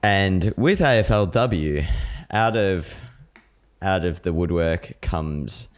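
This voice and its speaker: A man's voice: low-pitched, expressive, slow pace. A man co-hosting a casual chat podcast, blunt and sweary as he rants. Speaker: podcast co-host.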